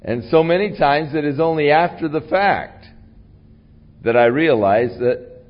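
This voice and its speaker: A man preaching a sermon in a conversational storytelling way, with a voice that carries and big rises in pitch and loudness. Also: measured pace, dull audio. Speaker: pastor.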